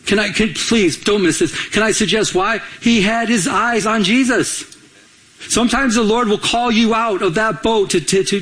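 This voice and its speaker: A man's voice: sits high, a bit bright, husky, low-quality recording. A man preaching as a pastor, emphatic, repeating key phrases and asking the congregation questions. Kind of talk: sermon.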